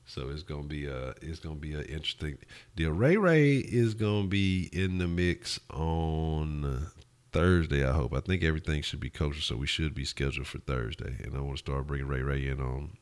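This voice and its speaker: A host talks sports in a loose, profane ramble, often restarting his sentences. His voice sits extremely low, a very deep bass. He chats casually and keeps answering viewers. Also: moderate pace. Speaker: sports talk show host. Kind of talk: casual live-stream sports talk, answering chat.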